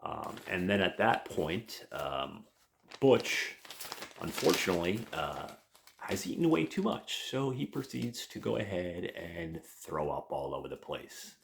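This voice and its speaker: A man's voice: low voice, big pitch swings, unhurried, vocal fry, slight background noise. A man, a podcast host, retelling a comic book plot in a rambling, casual way with lots of fillers and swearing. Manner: rambling, profane, many fillers.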